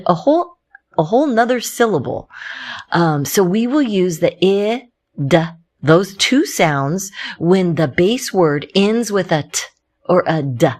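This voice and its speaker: This woman teaches a phonics lesson at an unhurried, deliberate pace. Her voice sits a little low, and she sounds out each letter slowly and clearly.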